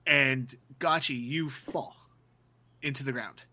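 A man's voice: mid-range voice, fairly even intonation, takes it slowly, sharp tone. A man narrating as game master of a tabletop game, casual and crude.

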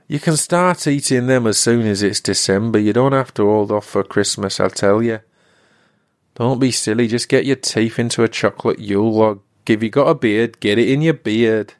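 Rambling podcast host, dry sound. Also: male voice, medium pitch, no room sound. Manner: rambling, comic, slips into put-on regional accents. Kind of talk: solo podcast monologue.

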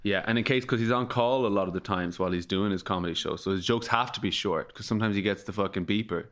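A man's voice: fairly low pitch, fast talker, fairly bright tone. A man co-hosting a podcast, cracking jokes and swearing casually. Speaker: podcast co-host. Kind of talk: casual chat.

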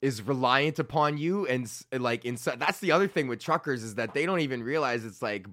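A man's voice: medium pitch, animated, a little fast, few pauses, fairly bright tone. A young man hosting a podcast, ranting in a rambling, profane way and often laughing at himself. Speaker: podcast host. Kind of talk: casual ranting monologue.

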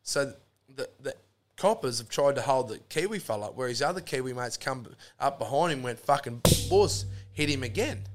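A man's voice: mid-range voice, animated, a little fast, soft background music. An Australian man telling a rambling, sweary story in a casual chat, throwing in lots of "mate". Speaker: podcast guest.

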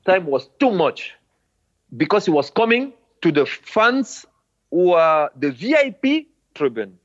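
A man's voice: high-pitched, sing-song. Guy telling old football stories, broken english, kinda muffled lo-fi sound. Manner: halting non-native English, vivid retelling. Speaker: former footballer telling his story. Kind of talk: recounting memories in an interview. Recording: dull lo-fi sound.

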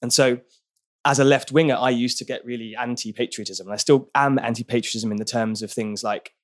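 A man's voice: mid-range voice, steady tone, a little fast. Earnest British man, podcast guest. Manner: earnest, thoughtful, with frequent restarts. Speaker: barrister and activist guest. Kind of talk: podcast interview.

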